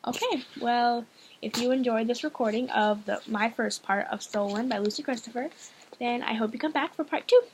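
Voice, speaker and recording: A woman's voice: fairly high pitch, normal speed, slight background noise. Hesitant woman reading a novel aloud. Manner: hesitant, frequent restarts and fillers. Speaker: audiobook reader, channel host. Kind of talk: casual first-person novel reading.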